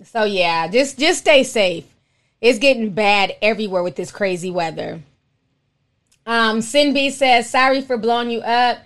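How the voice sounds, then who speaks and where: High-voiced animated woman streamer. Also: unhurried. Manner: animated, exclaiming, calls listeners honey. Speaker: live-stream host reading viewer chats. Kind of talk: casual storytelling chat.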